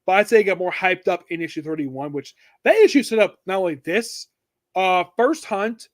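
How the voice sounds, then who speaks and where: A man's voice: high voice, animated, normal speed. A man co-hosting a casual comic book discussion, rambling and hesitant with many restarts. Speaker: podcast co-host.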